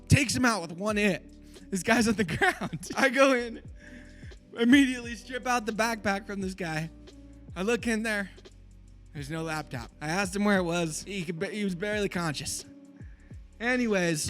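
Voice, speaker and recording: Animated high-voiced man telling a story. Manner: animated, fast-talking. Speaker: small business owner. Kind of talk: casual storytelling.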